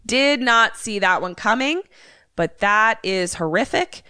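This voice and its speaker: A woman co-hosting a podcast, reacting to a retold story with quick quips, groans and questions. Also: on the high side, lively intonation, sharp tone, clean tone, no room sound, studio quality. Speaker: podcast co-host. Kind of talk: casual chat.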